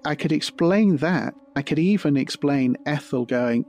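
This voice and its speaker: A man giving a measured, analytical explanation as a forensic psychology expert. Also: on the high side, darkish tone.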